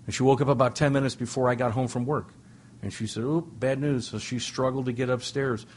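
A man's voice: medium pitch, little pitch movement, quick pace, darkish tone, slight background noise. Middle-aged man telling a wry story. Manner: wry, self-deprecating, frequent restarts and asides. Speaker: speaker sharing at a recovery meeting. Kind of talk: humorous personal storytelling to an audience.

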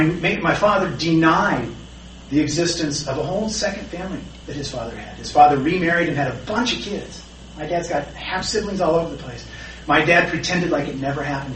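Middle-aged man, candid personal share, slightly high voice, distant in an echoey room. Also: a bit bright, a little hiss or hum. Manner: candid, self-deprecating storytelling. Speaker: recovery meeting speaker. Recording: roomy, distant, faint background ambience.

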